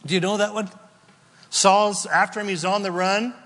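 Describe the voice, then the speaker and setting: A male pastor preaching a sermon, emphatic, full of rhetorical questions, sometimes shouting. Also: sits high, fairly even intonation, normal speed, big-room sound.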